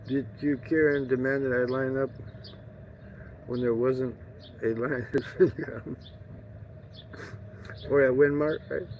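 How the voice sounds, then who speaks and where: Slow and pausing often, a man with a steady, medium-pitched voice rambles through a casual travel vlog. He jokes, digresses, and swears freely, while faint outdoor noise comes through the dull lo-fi audio.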